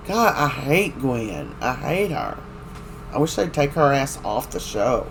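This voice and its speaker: A man's voice: medium pitch, sing-song, measured pace, gravelly, a bit bright, slight background noise. A man recapping a soap opera in casual chat, rambling and opinionated as he retells scenes.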